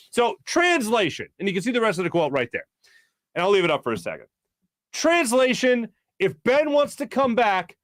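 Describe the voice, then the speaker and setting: A man hosting a sports talk show, talking fast and breaking into quick impressions when he quotes people. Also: high-pitched, no room sound, clean studio sound. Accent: Philadelphia. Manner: animated, jumps into voices for quotes. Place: studio.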